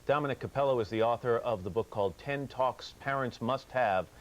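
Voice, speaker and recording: A man anchoring live TV news and guiding an interview with calm questions. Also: mid-range voice, brisk, low-quality recording.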